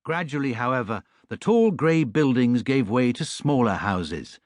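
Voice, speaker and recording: A man with an English accent narrating a children's audiobook in a warm, expressive storytelling manner. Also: medium pitch, unhurried, no room sound. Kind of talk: scripted narration. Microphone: studio mic.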